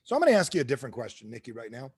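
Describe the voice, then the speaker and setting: A man giving a motivational business talk on a training call, asking the audience questions and swinging between booming and hushed delivery. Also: rapid-fire, breathy edge. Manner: animated, asks the audience questions. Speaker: speaker at an online training call.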